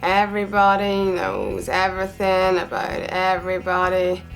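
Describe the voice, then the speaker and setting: A woman playing a sixteen-year-old girl in an amateur film, wry in narration and shrill when she complains. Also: measured pace, vocal fry, faint music behind.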